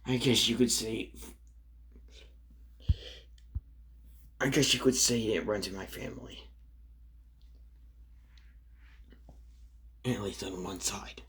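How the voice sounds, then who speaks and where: A man voicing a ruthless teenage boy hero in a fan story, speaking in a quiet, slow, menacing drawl with a husky voice. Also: on the low side. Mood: cold.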